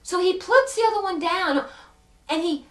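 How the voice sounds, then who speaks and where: A woman telling an emotional personal story in an earnest way, pausing for effect and moving between hushed and loud moments. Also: very high-pitched, animated, far from the mic. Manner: earnest, with dramatic pauses and swings from hushed to loud. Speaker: self-help speaker. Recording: echoey room, speaker set back from the mic.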